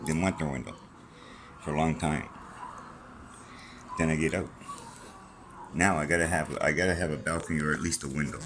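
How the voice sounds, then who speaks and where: Very deep-voiced rambling man. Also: noisy background. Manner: rambling, profane, jumping between topics. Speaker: vlogger. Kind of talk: rambling casual monologue. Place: small room at home with a fan on.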